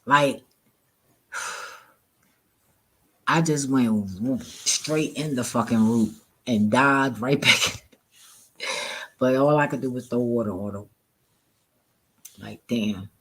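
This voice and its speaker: A woman's voice: very deep voice, slow, long pauses, a bit bright, breathy edge. A woman vlogger casually retelling a story to her viewers, profane and exasperated, often laughing.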